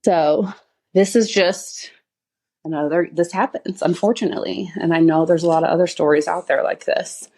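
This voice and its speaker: A woman's voice: fairly low pitch, steady tone, moderate pace, a little mellow. A woman hosting her own podcast, telling a rambling story with laughs and acted-out quotes. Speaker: podcast host and chiropractor. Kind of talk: casual solo podcast monologue.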